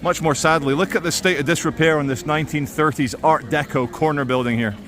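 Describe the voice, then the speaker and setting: A man's voice: fairly high pitch, steady tone, brisk, a bit bright. A man, narrating a walking street vlog in a wry, sardonic tone. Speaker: street vlogger. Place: outdoors on city streets.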